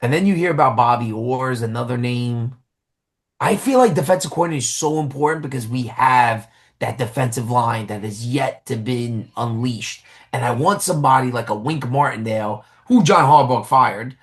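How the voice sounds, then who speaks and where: A man's voice: medium pitch, normal speed. Rambling man chatting on a sports podcast. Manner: rambling, full of "like" and restarts. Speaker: podcast host. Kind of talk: casual sports chat.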